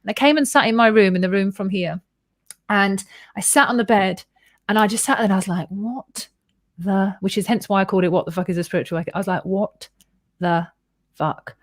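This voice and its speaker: A woman's voice: mid-range voice, fast, no echo. Female guest, chatty and candid, tells a long personal story with acted-out reactions; dry, close recording. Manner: rambling, candid, swears freely, acts out her own reactions. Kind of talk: casual storytelling in conversation.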